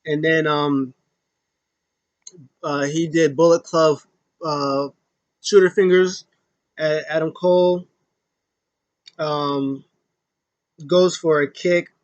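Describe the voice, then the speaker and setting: An excitable man talks through a wrestling match blow by blow, casual and animated. His voice sits a little high for a man and sounds dry and close to the mic, with no room around it. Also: slow, pauses often, dry recording, muffled recording. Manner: excitable, acts out wrestlers' lines in raised voices. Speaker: wrestling show reviewer. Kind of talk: casual play-by-play recap.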